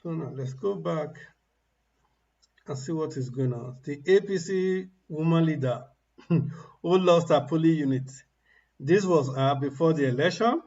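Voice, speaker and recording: A man's voice: fairly high pitch, unhurried, long pauses, a little mellow, lo-fi sound. A man giving mocking, ranting political commentary on a livestream, laughing at the people he criticizes.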